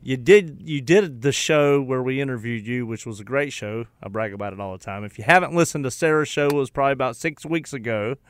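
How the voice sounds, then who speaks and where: A man's voice: medium pitch, fairly quick, hardly any pauses, clean tone, no room sound. A man hosting a radio show in a studio, chatting casually in a joking, rambling way and often cutting himself off. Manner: joking, rambling, self-interrupting.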